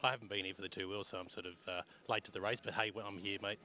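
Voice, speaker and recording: A man's voice: on the low side, steady tone, rapid-fire, bright, forceful tone. An Australian man, a radio-controlled car driver, giving laid-back, slangy answers in an interview.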